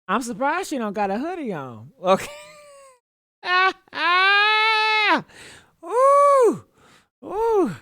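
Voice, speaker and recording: A woman's voice: very high voice, very animated, very slow, long pauses, pushed and bright, dry recording, studio quality. A woman giving casual reaction commentary, sassy and mocking, laughing often and talking straight to her viewers.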